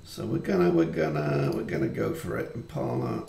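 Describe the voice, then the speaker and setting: Gravelly, excitable man commentating. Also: low-pitched, moderate pace, echoey room, slight background noise. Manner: excitable, swears when frustrated. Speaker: gaming YouTuber. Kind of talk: let's-play commentary.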